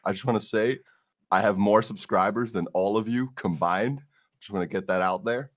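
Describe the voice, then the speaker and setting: A lower-voiced man from Denmark who speaks with an American accent. He teases in a dry, deadpan way. His call microphone sounds quiet. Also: moderate pace. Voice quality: quiet, low-level microphone. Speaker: dating show contestant. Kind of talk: casual group voice chat. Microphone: quiet headset or desk mic on a call.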